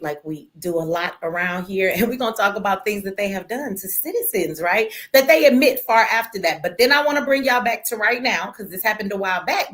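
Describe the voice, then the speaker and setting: A woman's voice: mid-range voice, a bit bright. A woman from Detroit hosts a casual livestream, tired and exasperated, talking straight to her viewers and swearing freely. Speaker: livestream host. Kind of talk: casual live-stream rant.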